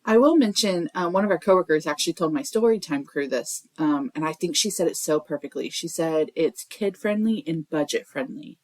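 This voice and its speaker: A woman's voice: low-pitched, fairly quick, hardly any pauses, dry recording. A woman co-hosting a library podcast, telling stories in casual chat and slipping into playful voices. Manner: animated storyteller, slips into playful voices.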